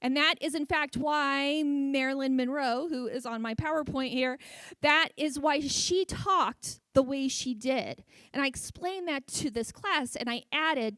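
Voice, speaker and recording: A woman's voice: high-pitched, a little slow, fairly bright tone, dry recording. A woman in her forties who speaks with a stutter, giving a humorous talk to a luncheon audience. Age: 40s. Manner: speaks with a stutter, frequent sound repetitions. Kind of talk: public speech with humor. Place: event hall with audience.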